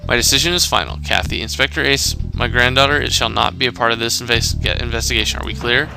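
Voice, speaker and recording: A man's voice: mid-range voice, quick pace, gravelly, over music, natural voice, poor audio. A man voicing a stern older police chief in a mystery game, giving commands.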